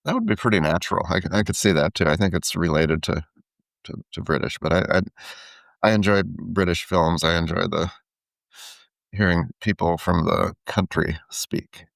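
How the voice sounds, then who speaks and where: A deep man with a gravelly, creaky voice who picks his words slowly in a relaxed chat with his co-host, often stopping to restart them. The sound is dry and close, with no room around it. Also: dry recording. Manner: hesitant, restarts words, thoughtful. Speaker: podcast co-host. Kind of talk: casual chat.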